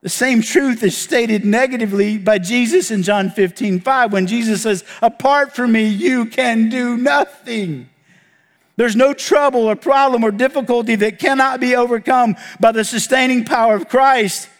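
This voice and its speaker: A man delivers a sermon as a pastor, his voice sitting high for a man. He preaches emphatically, climbing into animated bursts and then dropping to a low hush. Long reverb from a large hall trails every phrase. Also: normal speed, hardly any pauses.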